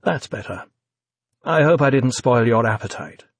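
A man reading aloud, voicing a reserved, dryly witty masked man in a calm, understated way. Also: medium pitch, moderate pace, no echo.

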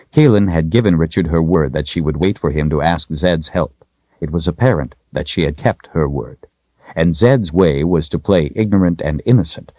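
A man narrates an audiobook in a very deep voice that moves freely through its range. The sound is dry, with no room at all, and comes across dull and lo-fi. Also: warm tone, no room sound. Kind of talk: scripted narration.

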